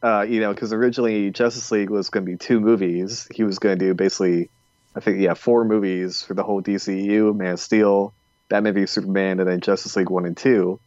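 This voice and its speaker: A man with a lowish voice co-hosting a casual podcast, rambling and sarcastic. The sound is dull and lo-fi. It is also dry, with no sense of a room around him. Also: steady tone, fast, a little mellow, dry recording. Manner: rambling and sarcastic, many fillers. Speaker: podcast co-host.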